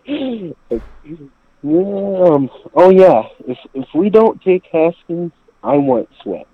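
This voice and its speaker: Mellow quiet caller dude, super slow, dry dull line. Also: male voice, high voice, sing-song.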